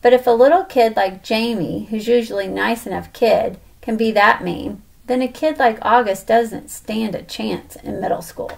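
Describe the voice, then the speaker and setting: A woman's voice: a little high, moderate pace, creaky, hardly any pauses. A woman reading a children's novel aloud in a casual first-person storytelling tone. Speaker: audiobook reader.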